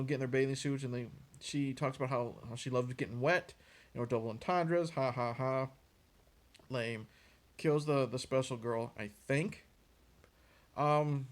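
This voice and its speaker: A man giving a casual, sarcastic, profane rant reviewing a movie, sounding exasperated and mocking. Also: fairly high pitch. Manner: sarcastic, exasperated, swears freely.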